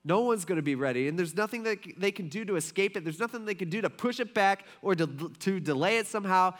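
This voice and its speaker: A man's voice: high voice, fast. A man in his thirties, a pastor, preaching a casual, conversational sermon full of folksy stories and asides. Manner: chatty, folksy storytelling with many fillers and asides.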